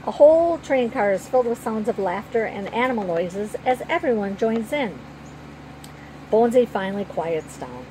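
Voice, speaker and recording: A woman narrating a children's story in the first person with a gentle, even storytelling manner. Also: on the high side, moderate pace, a little hiss or hum, low-quality recording.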